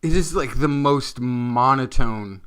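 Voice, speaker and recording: A man's voice: medium pitch, takes it slowly, a bit bright, smooth. A man co-hosting a science podcast, talking casually, rambling and restarting as he hunts for words. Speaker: podcast co-host.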